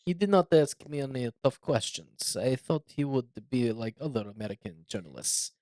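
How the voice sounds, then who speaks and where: A man's voice: mid-range voice, sing-song, moderate pace, darkish tone, no echo, studio quality, close to an everyday voice. A man putting on a mock Russian accent to play a boastful, menacing older strongman leader in a theatrical, over-the-top way.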